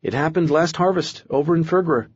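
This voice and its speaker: A man's voice: fairly high pitch, a little fast, breathy edge, no echo, muffled recording, pitched above the performer's own voice. A man voicing an anxious young man in an audiobook, nervous and rambling as he talks.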